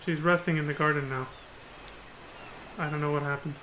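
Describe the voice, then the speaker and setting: A man's voice: fairly high pitch, fairly even intonation, fairly quick, bright, forceful tone, a little hiss or hum, voice pushed down, rough recording. A man voicing a reserved young male mercenary from a video game in short, subdued lines. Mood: regretful.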